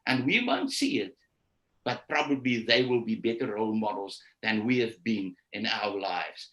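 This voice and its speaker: A man giving a motivational talk to teachers, repeating his key phrases and slowing down to stress them. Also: lowish voice, animated, a bit bright, muffled recording. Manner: preachy, repeats key phrases, slows down for emphasis. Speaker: conference speaker. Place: live stream session.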